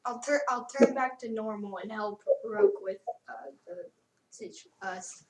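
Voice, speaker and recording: A woman's voice: a little high, a little slow, darkish tone. Woman player on an echoey distant mic. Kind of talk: casual tabletop play.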